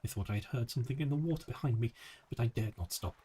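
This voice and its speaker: A man's voice: mid-range voice, fast, warm tone, breathy edge, natural voice. A man voicing a fussy, genteel female photographer with prim, old-fashioned phrasing, read out in a game. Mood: earnest.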